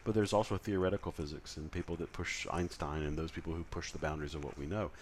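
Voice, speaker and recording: Talking fast in a rumbling low voice with fairly even intonation, a man gives a conversational recorded lecture packed with fillers and self-corrections. A slight hiss or hum runs underneath.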